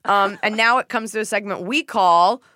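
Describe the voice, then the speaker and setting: A woman hosting a podcast, telling stories in a casual comedic chat, swearing and mimicking people in a shrill voice. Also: moderate pace, no room sound, studio quality. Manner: animated storytelling, swears freely, mimics others in a shrill voice. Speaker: podcast host.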